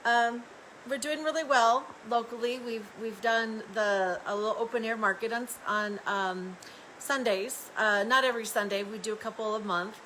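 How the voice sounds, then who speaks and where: A woman's voice: a little high, fairly even intonation, moderate pace, a bit bright, slight background noise, low-quality recording. A woman chatting casually on a live stream, upbeat and friendly, greeting viewers by name and laughing often as she shows off her home craft room. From Arizona, United States.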